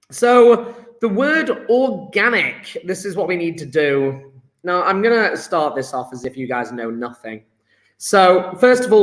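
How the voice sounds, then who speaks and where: A man's voice: on the high side, a bit bright. A man teaching a chemistry lesson to students, chatty and encouraging, often checking with "yeah?". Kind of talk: live online lesson. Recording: echoey room.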